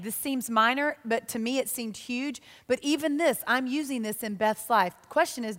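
A woman giving a sermon, telling stories in a lively, self-mocking way. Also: on the high side, moderate pace. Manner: animated, self-mocking storytelling. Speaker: church speaker. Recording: long reverb of a large hall.

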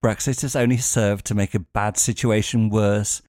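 A man's voice: fairly low pitch, fairly even intonation, normal speed, over loud music. A man telling wry stories in a monologue, now and then chuckling dryly. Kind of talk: anecdotal monologue.

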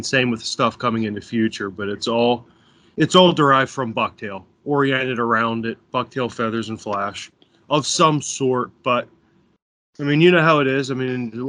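Casting: American man, guest on a chat podcast, bright forward tone, relaxed rambling delivery. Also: mid-range voice. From Pennsylvania, USA. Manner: easygoing, rambling explanations. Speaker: podcast guest, fly tying guide. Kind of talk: casual interview chat. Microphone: remote call.

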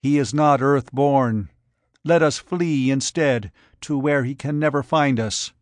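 A man's voice: medium pitch, measured pace, no echo, studio quality, natural voice. A man reading aloud, voicing a fearful young woman who pleads and trembles. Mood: frightened. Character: young frightened woman companion.

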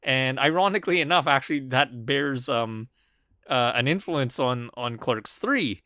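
A man's voice: mid-range voice, expressive, unhurried, sharp tone, dry recording, studio quality. A man co-hosting a film podcast in casual chat, rambling with many fillers and restarts and laughing often. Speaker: podcast co-host.

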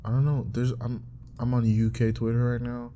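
A man's voice: mid-range voice, flat delivery, moderate pace, warm tone, slight background noise. A young man chatting casually on his own while browsing, rambling with profane, joking asides. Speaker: streamer. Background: keyboard typing and clicks.

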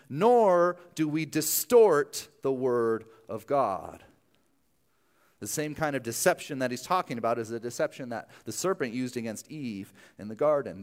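Casting: young adult man, pastor, easygoing sermon delivery with plenty of asides. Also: fairly high pitch. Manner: conversational, self-deprecating, many asides.

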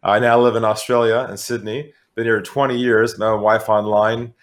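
Lively American man telling a story. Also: on the low side, moderate pace. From San Diego, California. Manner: animated storyteller who acts out quoted voices. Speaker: guest, sales expert. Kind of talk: conversational storytelling.

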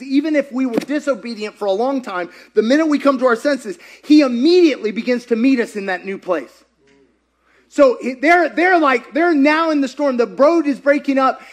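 A man preaching a sermon as a pastor, animated and conversational, often asking the audience questions. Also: very high-pitched.

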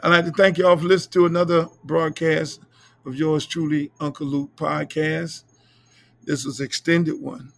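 Gravelly, profane storytelling man. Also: fairly high pitch, little pitch movement, normal speed, no echo. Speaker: podcast host. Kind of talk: casual storytelling monologue.

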